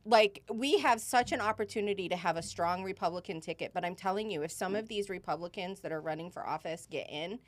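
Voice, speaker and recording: A woman's voice: lowish voice, fairly quick, hardly any pauses. Earnest woman podcast co-host. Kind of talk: casual political chat. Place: studio.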